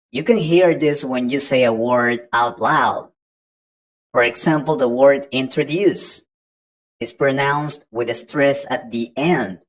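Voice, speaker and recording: Woman English tutor, very low voice, slow and patient, walks learners through each point. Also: low-quality recording. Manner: patient, explains step by step to the learner. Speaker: English teacher. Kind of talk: online pronunciation lesson.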